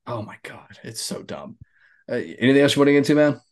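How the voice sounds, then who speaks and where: A man's voice: mid-range voice, big pitch swings, quick pace. A man co-hosting a sports podcast, joking loosely and swearing freely in casual chat. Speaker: podcast co-host.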